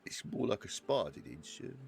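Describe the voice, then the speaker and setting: A man's voice: fairly low pitch, sing-song, normal speed, gravelly, darkish tone, a little hiss or hum. A man playing an eager trainee deputy in an online roleplay, polite and deferential, stammering and calling others sir. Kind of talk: in-character roleplay chat.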